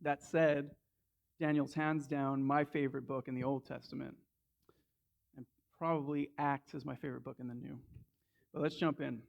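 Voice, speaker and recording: A man's voice: medium pitch, level tone, moderate pace, vocal fry, pauses often, highs cut off. A man with a Southern US accent preaching a sermon in a conversational way, restarting and repeating words as he goes. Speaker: lay preacher. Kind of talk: sermon with a personal story.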